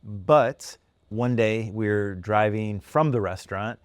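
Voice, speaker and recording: Podcast co-host, animated storyteller, low voice, dry close mic. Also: male voice, slow pace, dry recording. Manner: animated storyteller, laughs often. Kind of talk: casual storytelling chat.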